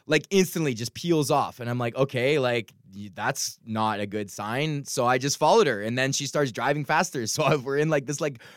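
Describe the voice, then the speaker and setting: A young man hosting a podcast, talking frankly in a rambling, profane way with many halting restarts. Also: mid-range voice, dry recording, studio quality. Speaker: podcast host. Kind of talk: casual rambling monologue.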